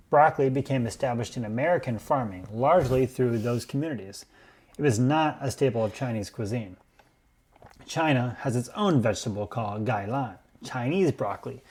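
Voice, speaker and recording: A man hosting a podcast, telling food history in a measured, explanatory way. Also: mid-range voice, darkish tone, breathy edge. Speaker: podcast host.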